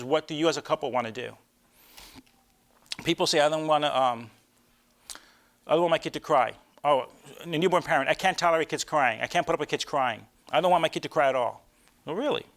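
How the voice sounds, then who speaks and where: A man's voice: on the high side, fairly bright tone. A middle-aged man, a sleep doctor, giving a live talk to parents in a conversational way, often checking in with the audience with rhetorical questions.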